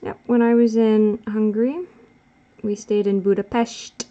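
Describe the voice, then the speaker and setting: A woman's voice: mid-range voice, level tone, a little slow, mellow, dull audio. A woman vlogger chatting casually while she draws, rambling and correcting herself as she goes. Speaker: art vlogger. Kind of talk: casual chat while drawing.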